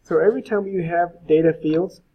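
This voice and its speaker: A man's voice: a little high, normal speed, husky. A male web instructor giving an informal live coding lecture, thinking aloud with frequent fillers. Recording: phone-like lo-fi sound.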